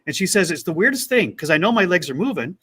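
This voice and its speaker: Man, co-host, casual storytelling, animated, acts out quotes, slightly high pitch. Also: quick pace, slightly rough. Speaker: podcast co-host.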